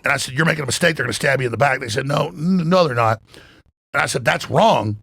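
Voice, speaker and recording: A man talking as a podcast guest, animated and emphatic, swearing freely and acting out what others said. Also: medium pitch, quick pace, no echo, studio quality. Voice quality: gravelly, husky. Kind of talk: excited podcast talk. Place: in Florida.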